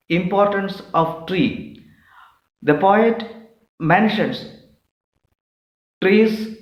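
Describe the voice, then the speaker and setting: Guy teacher explaining a poem, slow and careful, kinda echoey room. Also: sits high, lo-fi sound. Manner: slow and methodical, numbering his points.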